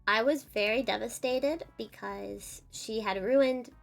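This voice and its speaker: A woman's voice: fairly high pitch, takes it slowly, vocal fry, faint music behind. A woman streamer telling an upsetting personal story in a casual, earnest way. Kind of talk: casual storytelling while drawing.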